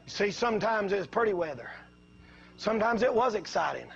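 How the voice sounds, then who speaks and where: A male preacher with a strikingly high voice delivers a fiery revival sermon. He spins homespun stories and then climbs into shouted exhortations. The recording sounds dull and lo-fi. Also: lively intonation, normal speed, vocal fry, background noise. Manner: folksy storytelling that builds to shouting.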